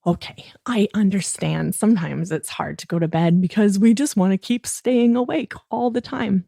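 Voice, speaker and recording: A woman hosting a children's bedtime podcast, gently coaxing a child listener through a relaxing wind-down routine. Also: medium pitch, normal speed, vocal fry, dry recording, clean studio sound.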